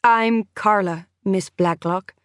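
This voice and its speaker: A woman's voice: mid-range voice, slow, no room sound, studio quality, close to an everyday voice. A woman voicing a friendly, eager young female crew member.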